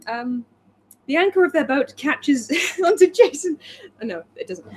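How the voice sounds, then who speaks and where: A woman's voice: high voice, very animated, slow, long pauses, a little mellow, slight background noise. A tipsy woman co-hosting a casual chat, reading a plot summary aloud and breaking off with giggly, wry asides. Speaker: co-host.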